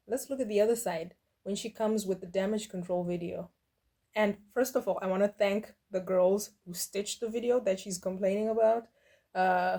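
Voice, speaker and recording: A middle-aged woman dishing out casual reaction commentary. She is blunt and sassy, with a mocking edge and dismissive asides, and her voice sits at an ordinary pitch for a woman. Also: dark tone. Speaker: reaction video host.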